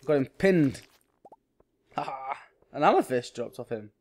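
A man's voice: medium pitch, lively intonation, a little slow, darkish tone. A man hosting a gaming channel, giving casual let's-play commentary and thinking aloud with small exclamations.

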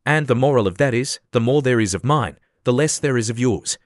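Storybook Duchess, fussy and moralizing, male reader, mid pitch, dry. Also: fairly quick, no room sound, natural voice. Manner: prim, sententious. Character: moralizing, agreeable old female Duchess.

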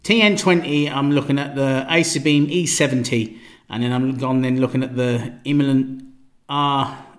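A relaxed man in a mid-range voice chats outdoors while reviewing gear. He rambles, restarts his sentences and repeats himself. Now and then his voice drops to a quiet murmur. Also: medium pitch, moderate pace, hardly any pauses. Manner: relaxed, repeats himself, stumbles over words. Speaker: knife reviewer. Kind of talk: casual product review vlog.

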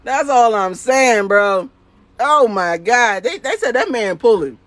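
A man with a very high voice hosts a live stream and reads viewer comments out loud. He stays hyped and playful, banters with the people watching, laughs a lot and keeps repeating his catchphrases. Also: animated, a little slow, dry recording. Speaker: sock printing business owner.

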